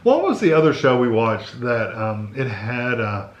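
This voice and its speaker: A man's voice: medium pitch, very animated, a little slow, echoey room, highs cut off. A man, chiming in as a laid-back co-host in casual chat.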